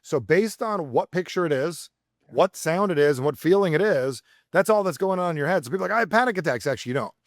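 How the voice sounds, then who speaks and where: A man's voice: on the high side, lively intonation, fast, no echo, clean studio sound. A man, a communication coach, telling stories energetically as a podcast guest and acting out the voices he quotes. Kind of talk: podcast interview.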